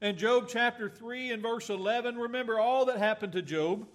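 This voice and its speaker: A man preaching a sermon, reading scripture aloud in a slow, earnest way with fillers and small self-corrections. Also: extremely high pitch.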